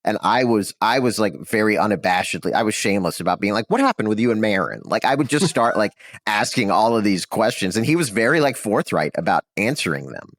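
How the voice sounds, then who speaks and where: A man's voice: fairly low pitch, animated, fairly quick, fairly bright tone. A man chatting casually as a podcast guest, rambling with lots of fillers and restarts. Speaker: podcast guest, comedy writer. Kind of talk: casual chat.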